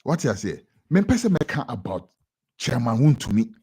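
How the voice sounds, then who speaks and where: A young Ghanaian man with a Ghanaian accent giving an animated editorial commentary on radio, often repeating words for emphasis. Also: mid-range voice, moderate pace, husky.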